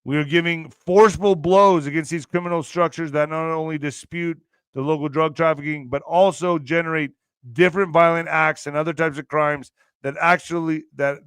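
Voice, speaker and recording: Brief: man, show host, bright and crisp, dry close sound, joking, profane, emphatic. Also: on the high side, dry recording. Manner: joking and profane, laughs often; loud bursts of emphasis. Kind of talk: casual news commentary.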